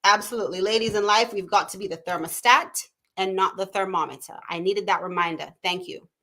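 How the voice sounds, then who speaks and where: A woman's voice: mid-range voice, fairly even intonation, brisk. A woman in her thirties hosts a live stream from home. She talks in a casual, chatty way, answers viewer comments one by one, and often adds "you know" and "right?". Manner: chatty, warm-hearted, reads viewer comments aloud. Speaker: talk show host.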